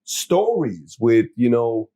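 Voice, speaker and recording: A man hosting an interview, talking things through in a measured way and asking probing questions. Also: mid-range voice, very animated, warm tone, a little hiss or hum. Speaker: interview host. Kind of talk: conversational interview. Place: interview set.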